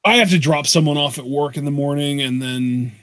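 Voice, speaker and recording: A man's voice: on the high side, a little fast, a bit bright, no echo. A man co-hosting a live wrestling reaction show in casual chat, easygoing, laughing often and explaining things.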